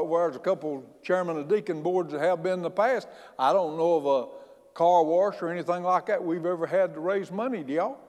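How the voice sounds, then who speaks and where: A man's voice: a little high, darkish tone, in a large hall. A man preaching a sermon as pastor, folksy and emphatic, often starting with "hey" and restarting lines.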